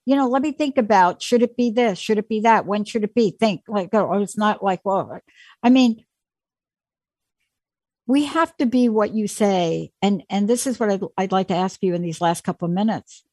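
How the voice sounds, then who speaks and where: A woman's voice: medium pitch, normal speed, a little mellow, no echo. Woman chatting, emphatic storyteller, dry close sound. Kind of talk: casual conversation.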